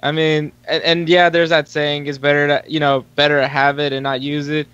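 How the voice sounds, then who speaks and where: A man's voice: a little high, level tone, brisk, fairly bright tone, smooth, no room sound. Rambling man on dry lo-fi audio. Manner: rambling, full of restarts and fillers. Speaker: sports talk co-host. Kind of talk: casual sports talk.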